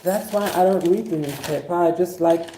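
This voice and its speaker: An actor playing a suspicious, aggrieved former teacher who rambles with fillers and chuckles. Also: male voice, high-pitched, moderate pace, background noise, lightly acted. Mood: rambling aggrieved. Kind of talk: scripted monologue.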